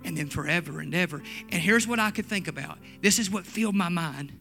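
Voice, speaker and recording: A man preaching a sermon testimony, swinging from hushed storytelling to fervent shouting. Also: high voice, fast, creaky, soft background music. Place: church.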